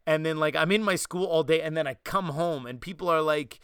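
Man, New York accent, podcast host, bright forceful voice, clear and crisp, dry close sound. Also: fairly high pitch, fairly quick, hardly any pauses, dry recording. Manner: animated storytelling, slipping into quoted voices. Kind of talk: casual chat.

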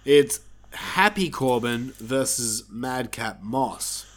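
A man's voice: mid-range voice, slow pace. A man co-hosting a podcast, reviewing wrestling matches in a casual, sarcastic, swearing chat. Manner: animated, sarcastic, swears, laughs often. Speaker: podcast co-host.

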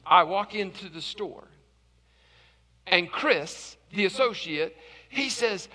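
A male pastor telling an animated personal story in a sermon, stumbling and restarting often. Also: high-pitched, slow, long pauses, long reverb tail.

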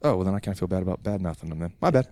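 Lower-voiced young man on a rant. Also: very fast, no room sound. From Idaho. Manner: ranting, animated. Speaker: podcast co-host. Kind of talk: casual podcast banter. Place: home basement.

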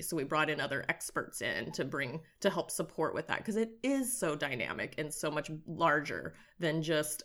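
Low-voiced chatty woman nutritionist. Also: a little fast, hardly any pauses. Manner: lively, chatty, quotes her own past thoughts. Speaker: nutritionist guest. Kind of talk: casual conversation.

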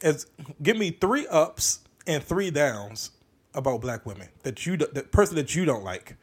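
A man's voice: fairly high pitch, very animated, slightly rough. A man co-hosting a podcast, teasing and grilling a friend in a joking way. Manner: teasing, ribbing, quick. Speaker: podcast co-host. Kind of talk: casual comedic chat.

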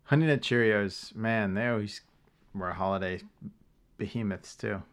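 A man's voice: on the low side, moderate pace, faint music behind. A man co-hosting a podcast, rambling through stories in casual chat. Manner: rambling storyteller. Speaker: podcast co-host.

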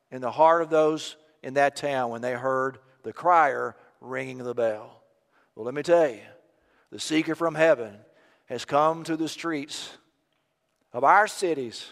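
An older man preaching a sermon as pastor, impassioned and rising to loud emphatic peaks. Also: mid-range voice, slow pace, creaky, long pauses. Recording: long reverb of a large hall.

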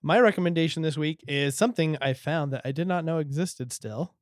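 An easygoing man chats on a casual podcast and laughs often. His voice sits fairly high, and it is recorded close and dry with no room sound. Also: a little fast, no echo. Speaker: podcast co-host. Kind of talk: casual chat.

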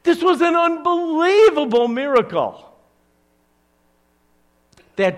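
Animated older male pastor, slow delivery. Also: high voice. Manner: animated storytelling with playful asides. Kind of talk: sermon.

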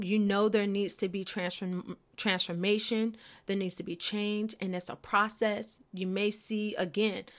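A woman hosting a devotional talk, speaking in a gentle, encouraging way and repeating key phrases. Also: mid-range voice. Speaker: devotional host.

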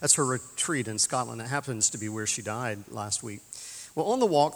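A man preaching a sermon as pastor, in a relaxed storytelling way with chuckling asides, in a church sanctuary. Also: medium pitch, a little fast. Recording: long church reverb.

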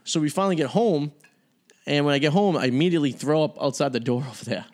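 A man's voice: fairly high pitch, fast talker, a little mellow. A man hosting a podcast, telling a rambling story in casual chat and swearing freely. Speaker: podcast host.

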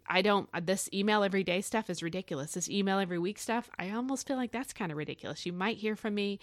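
A middle-aged woman hosting a devotional podcast, chatting casually and telling a story in an animated way with many fillers. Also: mid-range voice, fast talker, no room sound. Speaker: podcast host.

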